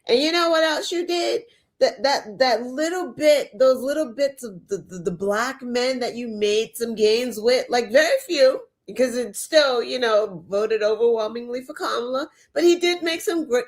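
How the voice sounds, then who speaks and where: A woman co-hosting a political talk show, emphatic and profane in casual conversation. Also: a little high. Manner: emphatic, profane, agreeing quickly. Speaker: podcast co-host.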